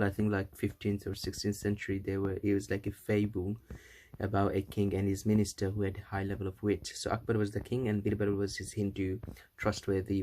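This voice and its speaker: A low-voiced man casually retelling an old fable, a bit rambling and full of little restarts. he sounds unhurried and chatty, like talking to friends. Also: warm tone. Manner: rambling, with restarts and self-corrections. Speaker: storyteller. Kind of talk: casual storytelling.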